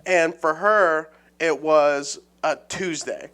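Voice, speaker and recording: A man's voice: fairly high pitch, takes it slowly, a bit bright. A man chatting as a podcast guest, teasing in a playful, mock-formal way. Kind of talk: casual chat.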